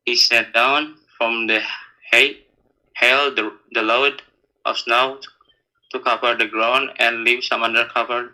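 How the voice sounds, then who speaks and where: A man's voice: medium pitch, level tone, unhurried, pushed and bright, low-quality recording. A man calling in to an online debate, speaking hesitantly and nervously, stumbling as he reads. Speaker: caller. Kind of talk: debate call.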